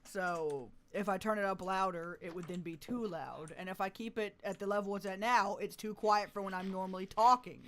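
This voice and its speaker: Male game streamer, high and bright, chatty, veers from mumbling to cartoonish yelling. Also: steady tone, normal speed, hardly any pauses. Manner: swings from mumbly to loud, cartoonish exclamations; chatty, self-deprecating, laughs often. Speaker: gaming streamer. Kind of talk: live gameplay commentary.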